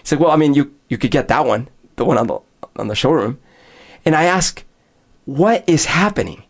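A man's voice: medium pitch, a little fast, vocal fry. Man, conversational storyteller who slips into other people's voices mid-anecdote. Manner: animated storyteller, acts out both sides of dialogue. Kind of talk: casual chat.

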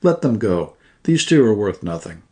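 A man's voice: fairly low pitch, sing-song, moderate pace, darkish tone. A man voicing a contemptuous young man who speaks curtly and dismissively.

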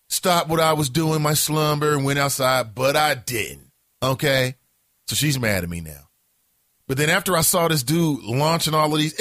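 A man hosting a casual morning talk show, telling a story in an animated, profane way. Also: a little high, no echo, studio quality. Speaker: host.

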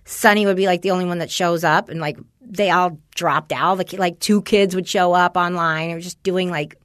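A woman's voice: on the low side, moderate pace, no echo, clean studio sound. A woman in her forties chatting casually with a friend, telling stories animatedly and swearing freely. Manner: animated storyteller, swears freely, acts out dialogue. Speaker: parent of a teenage son. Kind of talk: casual chat between friends.

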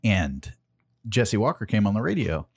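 A man's voice: lowish voice, big pitch swings, moderate pace, creaky, husky. A man in his forties hosting a podcast in casual chat, joking, laughing and swearing freely. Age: 40s. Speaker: podcast host.

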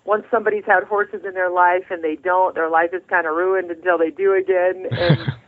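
The call sounds tinny as a middle-aged woman, interviewed as a guest author, gives a heartfelt and earnest testimony of her faith. She keeps a steady tone at a moderate pace, her voice on the low side.

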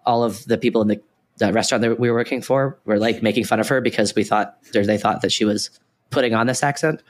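A man's voice: on the low side, fairly even intonation, quick pace. A man co-hosting a podcast who explains things in a casual, rambling way, full of "like" fillers and restarts. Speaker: podcast co-host.

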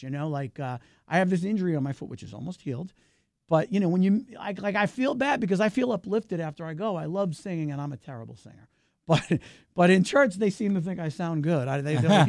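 Gravelly, animated man on a dry mic. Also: a little fast, dry recording. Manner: animated, talkative, wide pitch swings. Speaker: filmmaker, guest. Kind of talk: casual interview talk.

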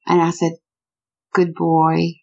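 A woman telling a true story about a strange encounter in a lively, conversational way, often repeating "I said" as she acts out what people told each other. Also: on the low side, takes it slowly, gravelly, lo-fi sound.

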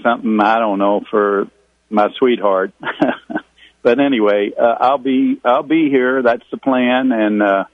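An older man calling in to a radio show, rambling and halting, repeating himself as he talks. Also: medium pitch, fairly even intonation, no room sound. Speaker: caller. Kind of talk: casual phone call to a radio show. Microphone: phone. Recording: dull dry phone line.

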